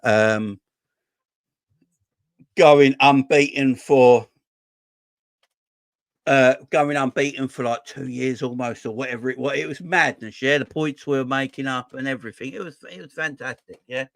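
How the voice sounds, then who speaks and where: A man's voice: medium pitch, measured pace, vocal fry, long pauses, no room sound, studio quality. A man hosting a football fan channel, giving a rambling casual opinion monologue that repeats phrases and keeps checking with "yeah?" and "right?".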